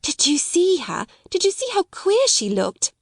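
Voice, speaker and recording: A woman reading aloud and voicing an excitable, gossipy young schoolgirl who talks in a breathless rush. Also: on the high side, normal speed, no room sound, studio quality. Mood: excited gossip.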